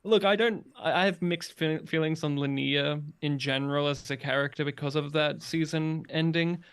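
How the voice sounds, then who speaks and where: A man co-hosting a casual podcast chat, animated and joking, often acting out quoted lines. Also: on the high side, normal speed, clear, resonant tone. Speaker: podcast co-host.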